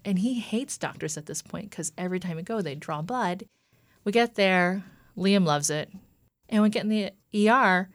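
Low-voiced woman telling her story. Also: moderate pace, no room sound. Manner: earnest, retelling with quoted dialogue. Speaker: guest. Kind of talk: personal story in an interview.

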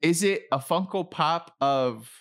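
Playful higher-voiced podcast co-host man. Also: unhurried. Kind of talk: casual podcast chat.

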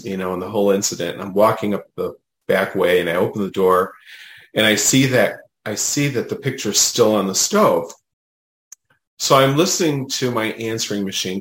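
A man, a guest medium, telling a personal story in a casual, animated way, often adding "you know" and "right?". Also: on the low side, reverberant.

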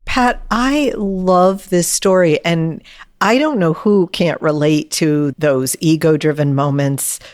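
A woman hosting an interview, measured and affirming as she asks questions. Her voice is low-pitched. The sound is dry and close to the mic. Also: darkish tone, no echo. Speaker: podcast host.

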